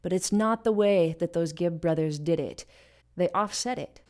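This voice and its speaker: A woman's voice: lowish voice, moderate pace, a little mellow. A woman hosting a casual music lesson, explaining rhythm and stopping to sing and beatbox short examples. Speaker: music teacher and channel host.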